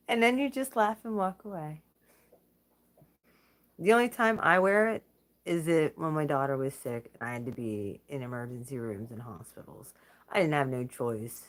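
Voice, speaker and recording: Woman, low voice, blunt and profane, casual spiritual vlog, laughs between remarks. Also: unhurried, long pauses. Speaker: channel host.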